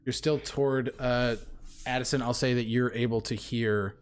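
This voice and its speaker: A man running a tabletop role-playing game as game master, casual and swearing when excited. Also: mid-range voice, normal speed, smooth.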